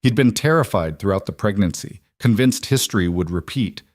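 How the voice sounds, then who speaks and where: Low-voiced man narrating a western romance. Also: animated, normal speed, dry recording, studio quality. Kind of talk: scripted storybook narration.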